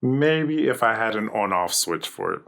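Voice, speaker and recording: Low gravelly guy doing chill jokey reaction commentary, laughs a lot. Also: animated, normal speed, a bit bright, some chatter behind, slight background noise. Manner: chatty, jokey, laughs often. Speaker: reaction video host.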